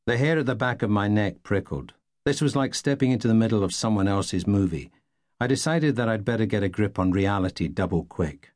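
Man, wry deadpan audiobook narration, low voice, dry close studio sound. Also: fairly quick, no room sound. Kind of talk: first-person novel narration.

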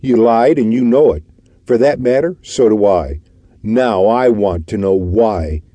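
A man's voice: on the low side, measured pace, warm tone, dry recording, dull audio. A man voicing a stern, suave detective who speaks in a commanding, contemptuous way in an audiobook.

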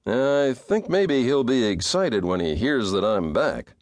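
A man's voice: medium pitch, very animated, a little slow, no echo. A man playing a grave, guarded cowboy in an audiobook, dry and understated. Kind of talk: audiobook character voice.

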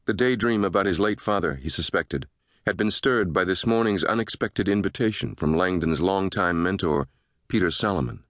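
A man narrating a thriller audiobook in a steady, measured way. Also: low-pitched, no room sound, studio quality.

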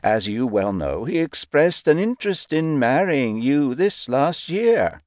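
A woman voicing a stern, unbending aristocratic father in an audiobook, slow and commanding. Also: low voice, sing-song, darkish tone, dry recording, studio quality, voice pushed down. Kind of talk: audiobook character voice.

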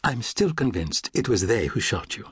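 A man's voice: fairly low pitch, very animated, normal speed, slightly rough, dry recording, studio quality, exaggerated voice. A man voicing a genteel British hostess. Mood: cordial. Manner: soft, cordial and sophisticated. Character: genteel, playful Englishwoman hostess.

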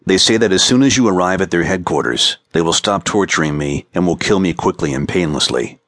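Man reading as a captive woman, slow clear speech, composed, low voice, dry sound. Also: lively intonation, fairly bright tone, no echo. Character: captive woman pleading steadily on video.

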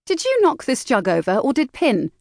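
A woman voicing a hearty, quick-tempered mother who scolds briskly, in an audiobook reading. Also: high-pitched, wildly swooping pitch, creaky, darkish tone, no echo, studio quality, voice pushed up, full character voice. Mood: stern.

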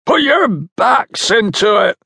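A man voicing a broad, gruff middle-aged harvest foreman who barks orders at his workers. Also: extremely high pitch, lively intonation, slow pace, pushed and bright, no room sound, clean studio sound, pitched above the performer's own voice, exaggerated voice. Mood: commanding.

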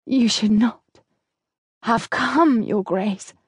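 A woman's voice: a little high, extremely slow, breathy edge, no room sound, clean studio sound, exaggerated voice. A woman voicing a young noblewoman weakened in childbirth, speaking weak and strained with pain.

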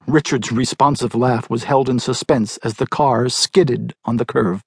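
A man narrating a literary short story in a measured, even audiobook reading. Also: medium pitch, creaky, husky, dry recording.

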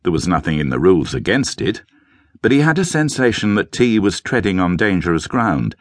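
A man narrates a story in a deep voice that rises and falls widely. His storytelling is measured and expressive. He is recorded dry and close on a studio mic. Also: no room sound. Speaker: audiobook narrator. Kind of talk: scripted narration.

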